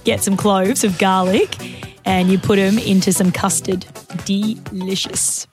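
A woman's voice: mid-range voice, little pitch movement, unhurried, a little mellow, soft background music. An Australian woman co-hosting a radio breakfast show, teasing and giggly in casual banter. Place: radio studio.

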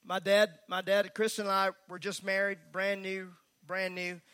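High, bright preacher. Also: male voice, completely flat delivery, measured pace, smooth. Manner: emphatic, conversational preaching with folksy asides. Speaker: pastor. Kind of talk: sermon. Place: church service.

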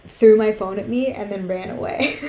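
A young woman co-hosting a podcast, talking frankly and acting out the lines of people in her story. Her voice is mellow and dark. The room is echoey, with a faint hiss behind her. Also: mid-range voice, unhurried. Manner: candid storytelling, swears freely, acts out quotes. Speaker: podcast co-host. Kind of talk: casual chat.

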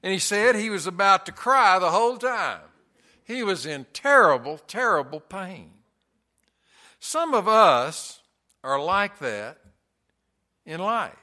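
A man's voice: sits high, lively intonation, normal speed, bright, forceful tone. A man preaching a sermon in a church, earnest and folksy, telling stories with touches of humor. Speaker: pastor.

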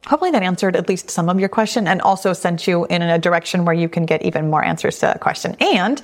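Talking fast in a lowish, animated voice, this middle-aged podcast host answers listeners' weight loss questions. She's warm and reassuring, chatting conversationally and often putting things a second way.

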